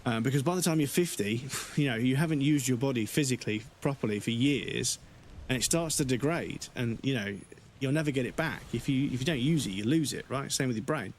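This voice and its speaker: Guy on stream ranting, swears a lot, rambles, plain middling pitch. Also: fairly quick, slight background noise. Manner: frank, rambling, heavy swearing. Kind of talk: casual chat while gaming on a livestream.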